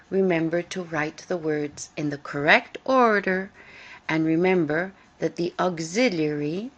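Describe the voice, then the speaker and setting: A woman teaching English grammar in a recorded lesson, explaining slowly and carefully and repeating key points. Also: lowish voice, vocal fry. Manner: slow, careful explaining with repetition.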